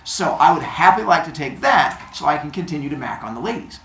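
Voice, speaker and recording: A man's voice: on the high side, sing-song, fast talker, a bit bright, slight background noise. A man voicing Apollo, a brash boastful young god. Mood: smug. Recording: roomy echo.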